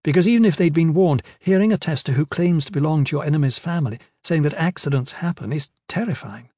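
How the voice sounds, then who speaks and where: A man reading fantasy fiction as an audiobook narrator in a measured, steady way. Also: fairly high pitch, dry recording, clean studio sound. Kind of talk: scripted narration.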